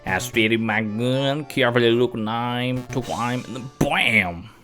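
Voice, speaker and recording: A man voicing a blunt male hunting beagle in a video game, telling his story slowly. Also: mid-range voice, a bit bright, soft background music, natural voice. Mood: storytelling. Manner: slow, drawn-out storytelling. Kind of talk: video game voice-over reading.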